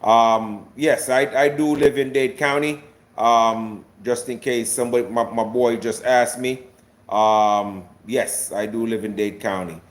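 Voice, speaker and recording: A Jamaican-born man living in South Florida chats casually on a livestream in a medium-pitched, fairly even voice at a measured pace. His American accent carries a light Jamaican lilt, and he rambles and repeats words while answering viewers.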